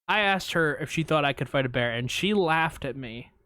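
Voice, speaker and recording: A man co-hosting a casual movie podcast, telling stories in an animated, boastful way. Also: a little high, moderate pace, dry recording, studio quality. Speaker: podcast co-host.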